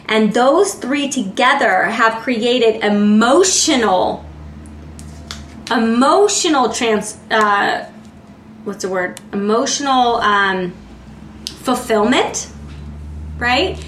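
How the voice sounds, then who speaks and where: A woman's voice: a little high, lively intonation, takes it slowly, long pauses, fairly bright tone, a little hiss or hum. A woman giving a casual tarot reading in a chatty way, often filling with "like" and searching for words. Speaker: tarot reader. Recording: roomy echo.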